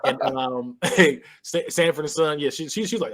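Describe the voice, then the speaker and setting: A man's voice: on the high side, measured pace, crowd noise. A man casually recapping a movie on a podcast, acting out the characters' lines with laughs. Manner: animated storytelling, acts out characters' lines with laughs. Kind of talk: casual chat.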